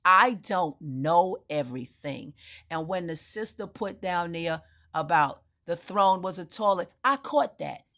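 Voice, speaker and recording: A spiritual speaker with a lowish, slightly bright voice talks unhurriedly through an improvised monologue. She recounts her story emphatically, wandering and frequently restarting.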